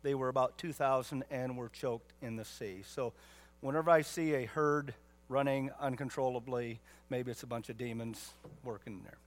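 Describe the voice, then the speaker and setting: A man's voice: mid-range voice, steady tone, moderate pace. A man pastor preaching a sermon with emphatic rhetorical questions and folksy asides.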